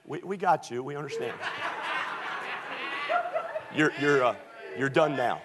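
A man preaching a sermon as pastor, moving from quiet storytelling to shouted exhortation. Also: fairly high pitch, a little slow, long pauses.

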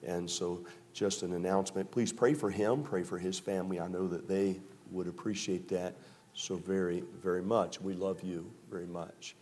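A man's voice: low-pitched, fairly even intonation, normal speed, darkish tone, a little hiss or hum. A man preaching a sermon as pastor, folksy joking asides that build into emphatic preaching.

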